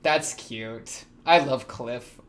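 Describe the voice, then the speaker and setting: A young man, reacting to an anime episode in casual commentary, excitable, laughing often and talking back to the characters. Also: mid-range voice, very slow.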